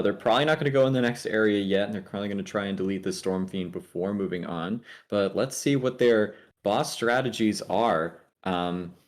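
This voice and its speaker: A man's voice: on the low side, a little mellow. A man casting a video game match, breaking down strategy in detail with frequent "um" fillers. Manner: analytical, many "um" fillers. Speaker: esports caster. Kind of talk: game commentary.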